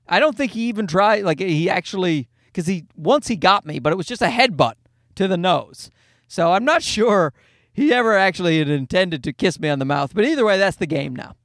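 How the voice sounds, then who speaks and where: High-voiced man telling rambling jokey stories. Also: fairly bright tone, no room sound, clean studio sound. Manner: rambling, self-mocking, jokey storytelling with restarts. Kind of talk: casual anecdotal monologue.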